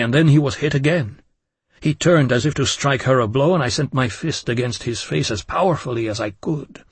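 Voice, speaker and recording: A man giving a measured, intense first-person audiobook narration of a dark story. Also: mid-range voice, breathy edge, no room sound.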